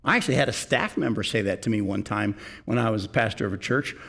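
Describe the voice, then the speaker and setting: A man's voice: fairly low pitch, fast, vocal fry, fairly bright tone. A middle-aged male pastor preaching a sermon, earnest and direct, often putting questions to his congregation.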